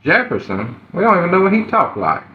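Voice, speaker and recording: A man hosting a live stream, greeting viewers by name in an unhurried way with fillers. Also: sits high, very animated. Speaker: livestream host. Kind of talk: casual live-stream chat. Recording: roomy, dull lo-fi livestream audio.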